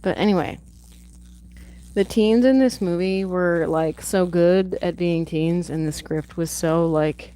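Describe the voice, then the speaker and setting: Woman livestreaming from home, deep for a woman, rambly, swears a lot. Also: fairly even intonation, normal speed, mellow, poor audio. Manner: rambling, digressive, swears freely. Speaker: livestream host reviewing a film. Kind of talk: casual chat.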